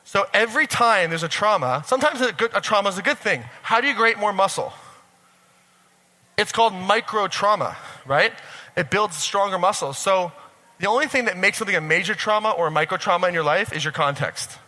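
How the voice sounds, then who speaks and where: Man, motivational stage talk, high voice, long echoing hall reverb. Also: fairly quick. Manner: animated, profane, keeps checking in with the crowd. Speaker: speaker at a personal growth expo. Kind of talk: motivational talk to a live audience. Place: large event hall. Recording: reverberant live hall sound.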